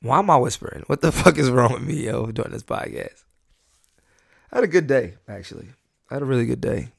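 A man hosting a solo podcast in casual, profane talk, animated, often restarting and repeating words as he rants. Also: mid-range voice, fairly quick, creaky, no room sound, clean studio sound. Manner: animated, repetitive restarts, profane, laughs at himself. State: high on an edible. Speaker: podcast host.

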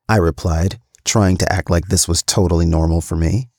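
A man with a very low voice reads a first-person story aloud. His delivery is steady and matter-of-fact. The recording is dry and close. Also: normal speed, gravelly, dry recording. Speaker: podcast storyteller.

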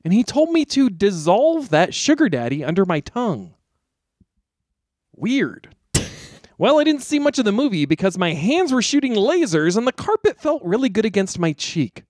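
A man co-hosting a comedy podcast, telling a silly story in a wry, deadpan way. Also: sits high, moderate pace, no room sound. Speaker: podcast co-host.

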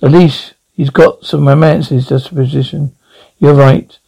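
Gravelly Glaswegian man, blustering. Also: on the high side, steady tone, a little slow, mellow, poor audio. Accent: Glasgow Scottish. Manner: blustering, rambling, coarse. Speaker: comic character monologue. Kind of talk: scripted comedy performance.

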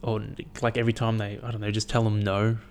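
A young male vlogger with a slightly low-pitched voice rambles to camera in a loose, unscripted monologue. He's blunt, swears freely, fills his talk with "like" and "um," and drifts from thought to thought. He speaks fast, with little pitch movement.

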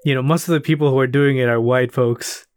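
Dude chatting about a movie, laughs a lot, acts out the quotes, dry sound. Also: male voice, mid-range voice, fast talker, no room sound. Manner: relaxed, chuckling, acts out quotes. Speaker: podcast co-host. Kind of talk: casual film discussion.

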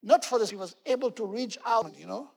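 A man's voice: very high-pitched, fairly quick, vocal fry, big-room sound. A man preaching a sermon as pastor, telling the story earnestly and repeating key words for emphasis. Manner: earnest storytelling, fillers like "you know", emphatic repetition.

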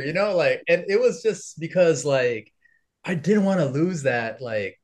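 A man's voice: on the high side, lively intonation, a little slow, a little mellow. A young adult man from the United States, a podcast guest chatting casually, with lots of fillers and frequent laughter. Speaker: podcast guest, content creator. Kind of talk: casual interview conversation.

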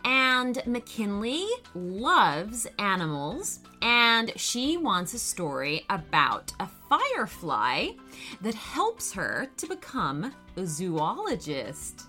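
A woman reading a children's story aloud, slow and expressive. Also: mid-range voice, soft background music. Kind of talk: children's bedtime story narration.

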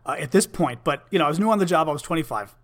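Brief: blunt, conversational man in his fifties, slightly higher-pitched voice, storytelling to camera. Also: expressive, racing, a bit bright. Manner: candid, conversational, with fillers and restarts, blunt language. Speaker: vlogger, former Senate staffer. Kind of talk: casual storytelling monologue.

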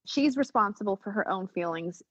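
A woman's voice: mid-range voice, expressive, a little fast, fairly bright tone, breathy edge, dry recording. A woman explaining a forgiveness practice in casual podcast chat, earnest and frank, swearing now and then. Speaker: spiritual teacher. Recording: dull lo-fi recording.

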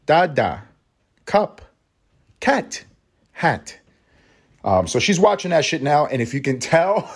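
A man hosting his own podcast at home, ranting in a profane, sarcastic way and swinging between loud jabs and low mutters. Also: husky. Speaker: podcast host and father. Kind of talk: solo comedic podcast rant.

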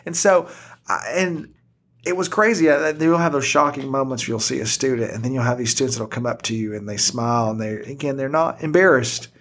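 A man, a school teacher and podcast guest, chatting casually at a table and telling stories with lively quoted voices. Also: mid-range voice, fast talker, hardly any pauses, slightly rough. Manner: animated storyteller, acts out quoted voices. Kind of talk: casual conversation. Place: indoor podcast studio at a table.

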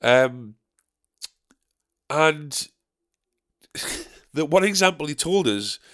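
Male comic, high-ish voice, animated and exasperated, swears a lot, bright tone, casual monologue. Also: drawn-out words. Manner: exasperated ranting, swears freely. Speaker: stand-up comedian and pub quiz host.

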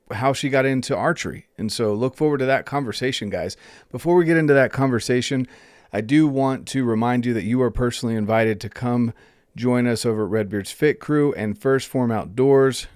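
An upbeat male podcast host with a middle-pitched voice who rambles on with enthusiasm. His voice sounds dry and close, with no room around it. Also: clear, resonant tone, no room sound. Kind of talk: podcast intro and interview.

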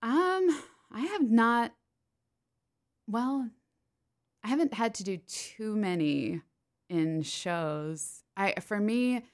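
A woman's voice: medium pitch, expressive, drawn-out words, long pauses. A woman from Pennsylvania, a stage actress talking as a podcast guest, chatty and full of "like" fillers, laughing often. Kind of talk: casual interview chat.

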